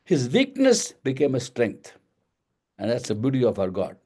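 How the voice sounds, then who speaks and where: A man's voice: medium pitch, moderate pace, warm tone, slightly rough. A man leading a Bible study, explaining verses one at a time, repeating phrases and asking and answering his own questions.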